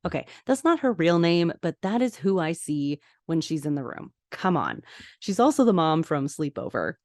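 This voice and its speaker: A woman's voice: low-pitched, darkish tone, no echo, clean studio sound. A woman hosting a podcast, recapping an episode in a chatty way, with gushing asides. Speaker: podcast host.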